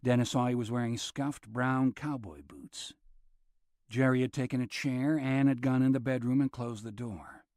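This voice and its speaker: A man narrating a thriller audiobook, shifting his pitch as he voices different characters. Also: fairly even intonation, normal speed, darkish tone, no room sound, studio quality. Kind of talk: scripted narration.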